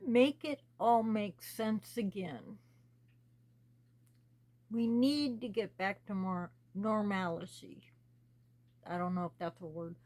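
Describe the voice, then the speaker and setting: A woman speaks to her small channel in a slow, deliberate way, leaving long pauses between her phrases. Her manner is earnest and pleading, with a voice sitting at an ordinary middle pitch. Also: a little mellow. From United States. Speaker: channel host. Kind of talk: personal spoken commentary.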